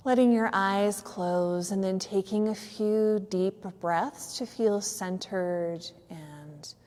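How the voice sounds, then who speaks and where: A woman yoga teacher gently and slowly guiding a yoga nidra relaxation in a studio, with a few fillers. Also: mid-range voice, big-room sound. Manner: soft, slow, soothing guidance with some fillers. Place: yoga studio on a cold evening.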